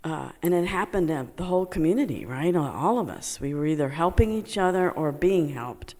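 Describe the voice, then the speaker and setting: Halting lower-voiced woman in an echoey hall. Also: expressive, warm tone. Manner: halting, lots of fillers, laughs while telling. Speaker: meditation student sharing a testimony. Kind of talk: personal story told to a group.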